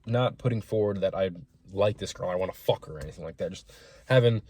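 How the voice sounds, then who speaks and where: A young small business owner tells gym stories in a casual storytelling vlog, rambling, frank, and profane, acting out quotes along the way. He talks fast in a fairly low, darkish voice, with a little hiss or hum in the recording.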